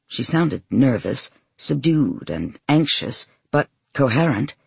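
A man with a husky voice giving a measured, emotional first-person audiobook narration. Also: mid-range voice, lively intonation, dry recording.

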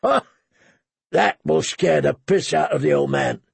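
A man voicing a gruff, menacing man-at-arms who growls his coarse threats. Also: on the high side, normal speed, dry recording, heavily acted. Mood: growling.

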